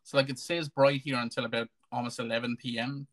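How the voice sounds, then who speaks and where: A man with an Irish accent rambles through a livestream chat with crude jokes and loose asides. His pitch sits in an ordinary middle range. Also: level tone, brisk. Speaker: co-host.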